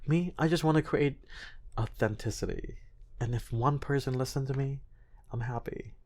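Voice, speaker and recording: A man with a light non-native accent, speaking as a guest in a casual interview in an earnest, expressive way with frequent restarts. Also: mid-range voice, normal speed. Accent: light non-native accent in his English. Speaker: guest, recording artist and actor.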